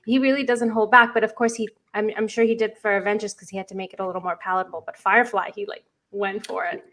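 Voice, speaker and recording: A woman's voice: mid-range voice, little pitch movement, quick pace, a bit bright. A woman speaking earnestly as a panelist in a casual chat, often restarting her sentences.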